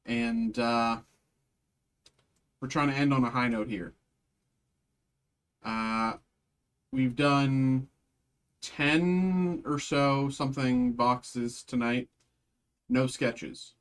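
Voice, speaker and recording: A man's voice: mid-range voice, fairly even intonation, drawn-out words, long pauses, clean tone. A man with an ordinary mid-range voice hosts a live card break. He chats casually and rambles, with plenty of fillers and restarts. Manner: chatty, rambling, lots of fillers.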